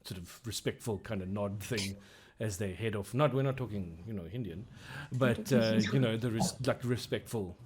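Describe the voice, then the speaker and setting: A man's voice: fairly low pitch, moderate pace, hardly any pauses, crowd noise. A man narrating as game master, with loose, rambling, hesitant phrasing.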